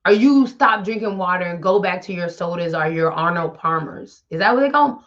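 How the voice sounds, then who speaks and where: On the low side yet expressive and fairly bright, her voice moves a little fast through dull audio. She's a wellness show host delivering casual motivation, blunt and chatty and talking to the listener directly.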